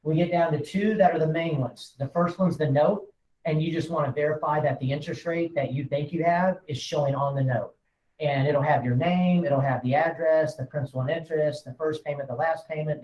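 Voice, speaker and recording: A man's voice: a little high, steady tone, fairly quick, a little mellow. A man, a real estate broker, casually training agents in a folksy, joking way. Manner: folksy, joking, acts out quotes. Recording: echoey room, voice off-mic.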